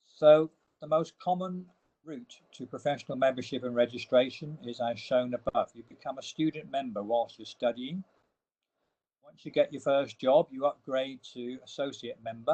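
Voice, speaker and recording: A man's voice: mid-range voice, darkish tone, lo-fi sound. A man giving a webinar slide presentation, explaining each step and leaning hard on the key words. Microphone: online webinar audio.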